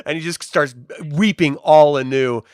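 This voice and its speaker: Higher-voiced male game master, loose narration. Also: a little slow, slight background noise. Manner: loose, rambling narration with many likes and restarts.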